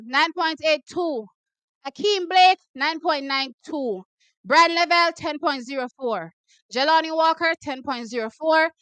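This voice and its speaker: A Jamaican woman hosting a watch party, reacting excitedly to races with exclamations and repeated shouts. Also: high voice, dry recording. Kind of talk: excited live race reaction.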